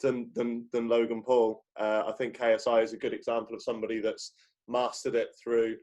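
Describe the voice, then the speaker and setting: A man's voice: medium pitch, level tone, a little fast, darkish tone. A young British man chatting as a guest on a podcast, laughing often and restarting sentences. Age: young adult. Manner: giggly, rambling with restarts. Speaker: guest YouTuber. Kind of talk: casual podcast chat.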